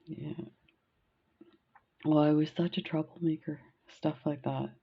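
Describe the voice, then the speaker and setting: A woman's voice: sits low, steady tone, measured pace, gravelly, slightly rough, dull audio. A woman from Canada who tells stories in a chatty, rambling way while beading, often laughing. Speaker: beading vlogger. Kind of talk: casual storytelling while beading.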